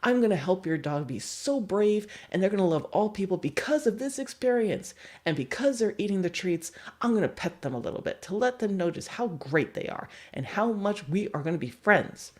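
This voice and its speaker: A woman's voice: mid-range voice, animated, moderate pace, few pauses, lightly acted. A woman playing an overconfident dog-loving stranger, speaking in a cheery, self-assured manner. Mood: cheery, boastful.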